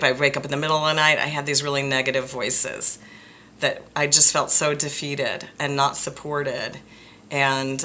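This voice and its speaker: Woman, counselor, low voice, forceful tone, frank, blunt, repeats for emphasis. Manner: frank and blunt, openly emotional; emphatic, repeats phrases for stress. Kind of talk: direct-to-camera personal talk.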